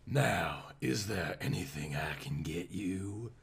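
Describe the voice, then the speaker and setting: A man putting on a breathy southern-belle nurse. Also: low-pitched, lively intonation, slow, pitched below the performer's own voice, exaggerated voice. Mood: sultry. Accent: Southern US (put on).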